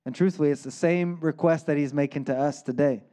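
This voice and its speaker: A man's voice: on the high side, a little fast, warm tone. A male pastor giving a conversational sermon, often checking in with "right?" and acting out quotes.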